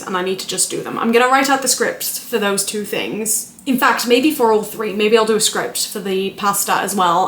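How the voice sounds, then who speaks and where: A woman's voice: mid-range voice, fairly bright tone, roomy sound, slight background noise. A woman chatting casually to camera at home, thinking aloud in a self-deprecating way. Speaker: vlogger.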